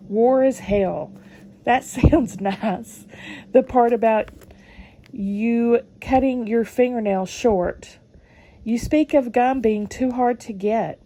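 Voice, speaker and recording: A woman's voice: fairly high pitch, slow pace, mellow. A woman, reading old letters aloud and adding chatty comments between them. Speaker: channel host reading family letters.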